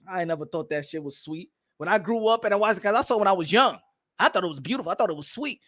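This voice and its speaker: A man's voice: sits high, animated, rapid-fire, fairly bright tone, no room sound. A man hosting a boxing talk show, ranting comedically with lots of profanity and laughter between lines. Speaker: boxing podcast host. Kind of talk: comedic rant.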